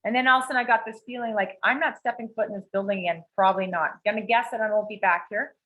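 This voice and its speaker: Profane, animated woman telling a story. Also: medium pitch, racing, muffled recording. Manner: profane, animated, acts out quoted dialogue. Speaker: podcast co-host. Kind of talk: casual storytelling chat. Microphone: video call.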